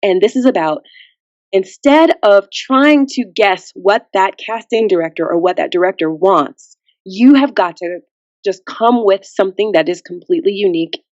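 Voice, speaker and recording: A woman's voice: medium pitch, normal speed, dry recording, lo-fi sound. A woman guest on a podcast, chatting casually and acting out the people in her story. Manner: animated storyteller who acts out quotes.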